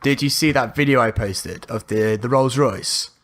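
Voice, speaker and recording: A man's voice: mid-range voice, moderate pace. Brash, swearing young man. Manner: brash, swears freely, laughs at own stories. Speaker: podcast co-host. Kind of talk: casual chat. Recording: remote call with dropouts.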